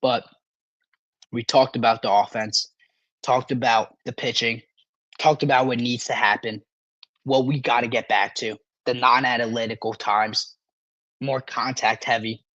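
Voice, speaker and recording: On a live stream, a male sports podcast host chats casually, excitable and animated, though his parched throat keeps forcing him to cough and clear it. His voice is medium in pitch, and the lo-fi recording has no room sound.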